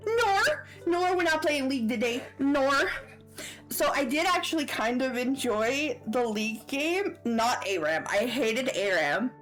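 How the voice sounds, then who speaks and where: A woman with a Southern American accent chatting casually on a livestream, playful and giggly with squealy outbursts. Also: fairly high pitch. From Southern United States. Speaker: streamer.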